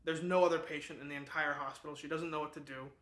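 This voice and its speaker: A man hosting a book club gives a loose, rambling summary. His voice is bright and a little high. The room has a lot of echo. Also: steady tone, fast talker. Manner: rambling, lots of fillers and restarts.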